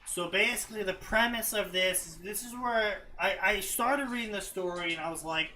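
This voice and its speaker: Brief: casual comedy co-host, mid-pitched voice, faint noise. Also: moderate pace, few pauses, pushed and bright. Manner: rambling, sarcastic, full of fillers. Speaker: co-host reading fanfiction.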